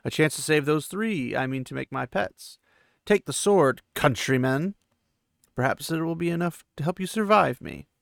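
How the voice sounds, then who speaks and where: A man's voice: fairly high pitch, animated, moderate pace, vocal fry, no room sound, studio quality. A man voicing an ancient, scornful male sorcerer villain who taunts and threatens coldly. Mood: menacing. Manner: cold, mocking and threatening.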